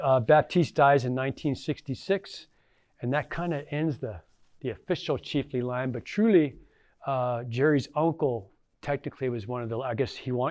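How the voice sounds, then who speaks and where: A man's voice: on the high side, darkish tone, no echo. A middle-aged man, a former tribal council member, giving a casual storytelling talk to an audience, folksy and anecdotal with lots of fillers.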